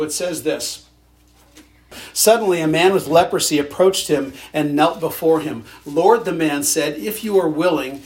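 A male pastor preaching a sermon in a conversational way, with dry sarcastic humor. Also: fairly high pitch.

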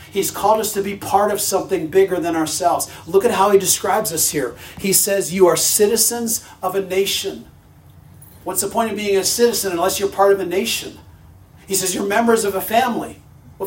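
Emphatic high-voiced man preaching in a hall. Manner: emphatic, repeats phrases for stress, asks the congregation questions. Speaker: pastor. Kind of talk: sermon. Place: church sanctuary. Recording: roomy hall sound from a distance.

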